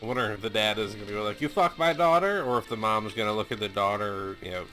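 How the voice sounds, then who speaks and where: A low-voiced veteran host chats his way through a war drama, swearing freely and laughing often. His offhand commentary sits over clear film music. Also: little pitch movement, quick pace, bright, forceful tone. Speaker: reaction video host, military veteran. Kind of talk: casual reaction commentary.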